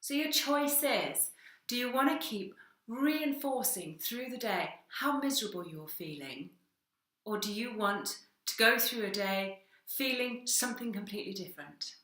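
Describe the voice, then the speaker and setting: A woman's voice: a little high, animated, measured pace, pushed and bright, reverberant. A woman, a hypnotherapist giving a conversational talk straight to camera and acting out little exchanges along the way. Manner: conversational, acts out little dialogues.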